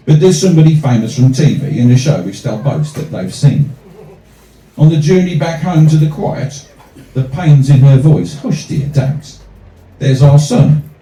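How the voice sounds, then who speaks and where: A man performing comic rhyming poems to a live cafe audience, with wry, deadpan asides between pieces. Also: a little high. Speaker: performance poet. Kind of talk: live comic poetry reading. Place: small cafe venue with an audience. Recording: roomy, distant audience recording.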